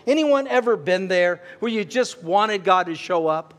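High-voiced man preaching an earnest sermon. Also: normal speed, few pauses, a bit bright. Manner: storytelling, earnest, growing fervent and emphatic. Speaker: pastor.

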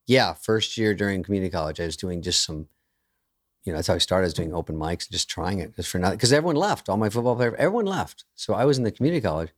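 A man's voice: deep voice, very animated, fast talker. A man telling stories as a guest comedian in a casual podcast chat, acting out other people's lines in changed voices.

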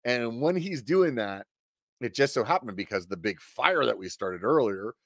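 A middle-aged man telling a story casually on a podcast, animated, with lots of filler words and cursing. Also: mid-range voice, normal speed, no echo, clean studio sound. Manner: animated, swearing, many "like" fillers. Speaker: podcast guest.

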